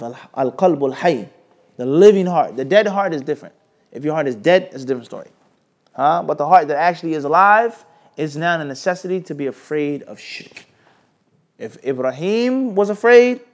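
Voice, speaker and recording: A man teaching an Islamic class, lecturing and constantly quizzing his students with questions. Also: on the high side. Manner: keeps quizzing the class with "what?" and scolding asides. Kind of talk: lecturing with call-and-response questions.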